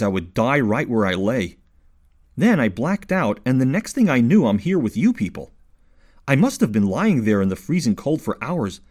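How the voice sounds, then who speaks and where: A man voicing a hardy army officer, hoarse after nearly freezing. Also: mid-range voice, a little mellow.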